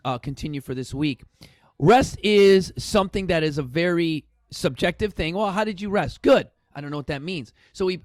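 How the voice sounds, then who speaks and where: A man's voice: on the high side, no room sound. Blunt, chatty man hosting a fitness talk. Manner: blunt and chatty, swears for emphasis, addresses viewers as "you guys". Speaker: fitness studio founder and show host. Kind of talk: casual motivational talk to camera. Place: fitness studio.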